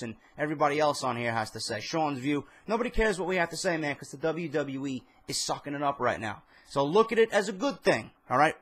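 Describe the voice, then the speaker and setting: Young new york dude ranting late at night, a bit buzzed and tired, cussing a lot, slightly high voice. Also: male voice. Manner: profane, animated, rambling. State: tired after a few beers. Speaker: wrestling vlogger. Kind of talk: casual ranting commentary to camera. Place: home, indoors, late night. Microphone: camera mic.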